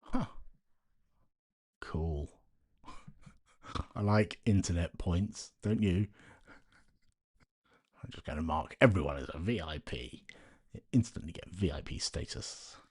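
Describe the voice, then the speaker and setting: A man's voice: deep voice, slow pace, pauses often, husky, no echo, clean studio sound. A man hosting a casual live stream from home at night, keeping his voice down and talking to himself as he works. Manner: talks to himself while working, quiet and muttering.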